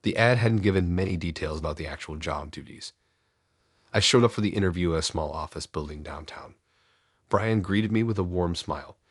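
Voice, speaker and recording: Very deep husky male horror narrator. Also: fairly quick, no echo, clean studio sound. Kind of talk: scripted first-person horror narration.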